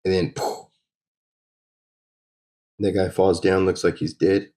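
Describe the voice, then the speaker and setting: A man with a very low voice chats his way through a comic, guessing aloud at what each panel shows. He tosses in little sound effects as he goes. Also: level tone, slow, dark tone, poor audio. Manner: musing, adds sound effects. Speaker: host reading comics. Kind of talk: casual comic read-along.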